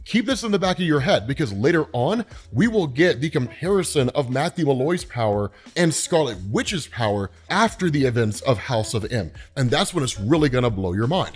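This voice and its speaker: A man's voice: medium pitch, big pitch swings, moderate pace, few pauses, husky. A man hosting a comic explainer channel, recapping the story in a casual, chatty way, often adding "right?" and "like" as he acts out the characters' lines in passing.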